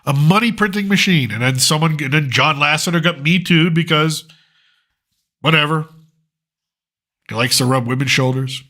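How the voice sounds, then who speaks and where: A man's voice: a little high, fairly even intonation, normal speed, pauses often, bright, forceful tone. A middle-aged man hosting a pop culture commentary show, ranting sarcastically and swearing freely. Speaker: host.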